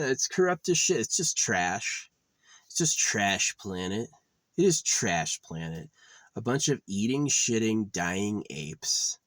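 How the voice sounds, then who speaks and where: A man's voice: low voice, fairly bright tone, no echo. A man on a profane, agitated ranting monologue, often repeating himself. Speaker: vlogger.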